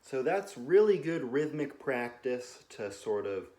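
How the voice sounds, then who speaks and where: A young man giving a relaxed music lesson from his couch at home, often pausing with ums and uhs and counting beats aloud. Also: medium pitch. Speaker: music teacher. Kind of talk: casual instructional talk. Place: home living room, on a couch.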